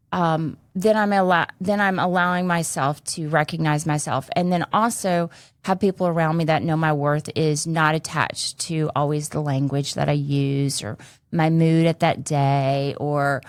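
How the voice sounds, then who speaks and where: A woman's voice: deep voice, dry recording. A woman hosting a podcast in candid casual chat, blunt and salty, cussing freely. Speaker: podcast host.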